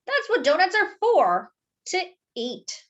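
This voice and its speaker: A woman's voice: extremely high pitch, very animated, takes it slowly, a bit bright, muffled recording, voice pushed up, heavily acted. A woman voicing a flustered grown man who stammers and talks hesitantly. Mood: sheepish.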